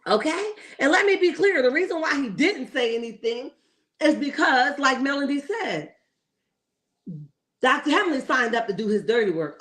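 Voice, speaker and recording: A woman's voice: high-pitched, big pitch swings, normal speed, fairly bright tone. A woman hosting a casual reality TV commentary livestream, opinionated and chatty, greeting viewers in the chat and checking in with "okay?".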